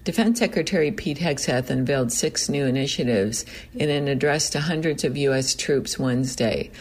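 A man reading a news report aloud in a steady, measured delivery. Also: medium pitch. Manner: steady, measured read with a self-correction. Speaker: news reader.

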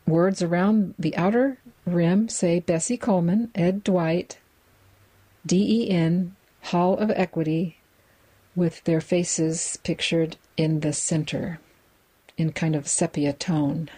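Low mellow-voiced woman reading aloud. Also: fairly even intonation, slightly rough, low-quality recording. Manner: measured, reading aloud plainly with spoken asides. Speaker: reader of a magazine for listeners. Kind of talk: reading print aloud with image descriptions.

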